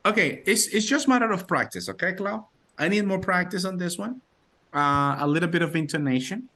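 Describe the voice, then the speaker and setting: A man's voice: high-pitched, lively intonation, fairly quick, bright, forceful tone. A man teaching call center English on a video call, repeating phrases and encouraging the learners. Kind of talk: online class coaching.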